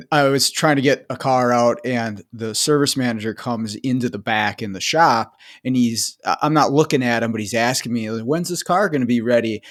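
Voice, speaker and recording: A man with a technician background, telling a relaxed anecdote on a podcast and trailing off his sentences. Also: medium pitch. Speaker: automotive technician. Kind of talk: casual chat.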